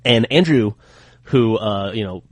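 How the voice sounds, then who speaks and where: A man hosting a podcast who tells a story in casual chat, animated and chatty. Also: on the low side, unhurried, no echo. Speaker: podcast host.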